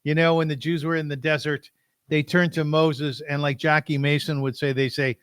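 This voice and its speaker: A man's voice: a little high, little pitch movement, moderate pace, a bit bright, smooth, no room sound. Guy hosting a talk show, chatty and laughs a lot, dry room. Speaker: host. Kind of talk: casual interview talk.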